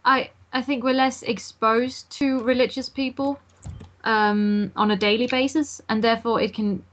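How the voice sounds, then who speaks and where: A young woman with a Danish accent talks in a casual podcast conversation, her voice sitting a little high. She speaks earnestly but haltingly, restarting phrases as she searches for words. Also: steady tone, a bit bright. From Denmark. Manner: hesitant, restarts often, earnest. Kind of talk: casual chat.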